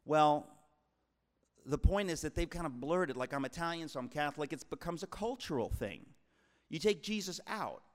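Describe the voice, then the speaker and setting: Man in his 60s, from the New York area, author speaking to an audience, emphatic and preacherly, slightly high voice, long hall reverb. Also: sing-song, moderate pace. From New York tri-state area, USA. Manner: emphatic, preacherly, addresses listeners as folks. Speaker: author giving a talk. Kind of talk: speech to a live audience.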